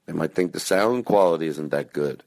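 A man's voice: a bass voice, moderate pace, vocal fry, darkish tone. Man rambling playfully into his phone. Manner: playful, silly, rambling asides. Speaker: podcast host. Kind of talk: casual comic intro. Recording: phone-recorded, dry.

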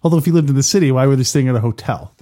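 A man's voice: mid-range voice, very fast, dark tone. A man co-hosting a podcast in casual chat, musing aloud and restarting his thoughts. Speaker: podcast co-host.

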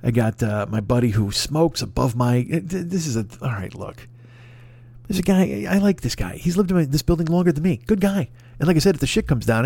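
A man's voice: mid-range voice, darkish tone, dry recording. A man ranting on a comedy podcast, profane and rambling, riffing as he goes. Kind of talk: comedic rant.

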